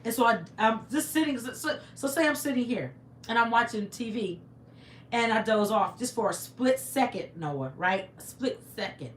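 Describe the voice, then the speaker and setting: Animated woman storyteller, echoey room. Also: a little high, moderate pace, a little hiss or hum. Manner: animated, dramatic, reads viewer comments aloud; acts out screams and sound effects. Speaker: livestream host. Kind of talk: casual storytelling to a live chat.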